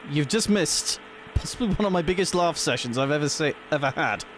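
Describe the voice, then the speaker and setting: A man's voice: a little high, lively intonation, a little fast, fairly bright tone, slight background noise. A young man, chatting casually with viewers on a live stream, giggly and rambling. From Britain. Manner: giggly, rambling, reacting to chat.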